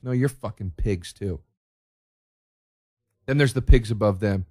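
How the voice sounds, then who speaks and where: Male comedian host, sarcastic ranting, profane, animated delivery. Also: fairly low pitch, unhurried. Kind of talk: solo comedic rant.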